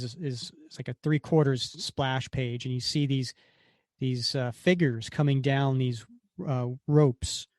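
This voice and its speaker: A man's voice: medium pitch, a little mellow, dry recording, clean studio sound. A man co-hosting a podcast, casually recapping a comic book page by page and briefly acting out the characters' lines. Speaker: podcast co-host.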